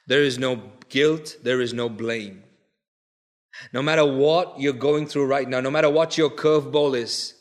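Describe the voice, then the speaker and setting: Preaching a sermon, this man moves from loud, pleading urgency down to quiet, subdued moments, leaning heavily on repetition.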